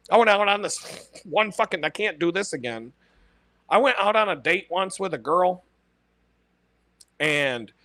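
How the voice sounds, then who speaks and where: A man's voice: on the high side, sharp tone, no room sound. A man telling blunt stories in a casual monologue, swearing constantly and laughing at his own punchlines. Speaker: podcast host. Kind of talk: casual profane storytelling monologue.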